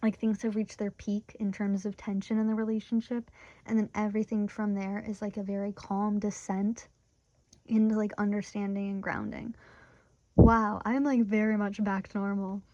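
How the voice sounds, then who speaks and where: A young woman reading tarot cards in a relaxed, chatty way, leaning on fillers as she shares her feelings. Her voice is warm and mellow. The recording is dry and a little dull. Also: mid-range voice, moderate pace, dry recording. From Michigan, USA. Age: 20s. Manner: chatty, heavy use of "like" fillers; emotionally open, talks through her feelings. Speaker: tarot reader. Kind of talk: casual pick-a-card tarot reading.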